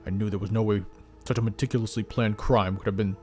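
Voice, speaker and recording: Man doing a gruff sixty-year-old police boss, game voice, weary, stern, grumbling. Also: fairly low pitch, steady tone, fast, mellow, faint music behind, close to an everyday voice.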